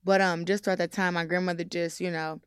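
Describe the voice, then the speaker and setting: Lower-voiced woman, halting and candid. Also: little pitch movement, smooth, dry recording, studio quality. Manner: halting, many fillers, candid. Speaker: interview guest. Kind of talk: casual interview talk.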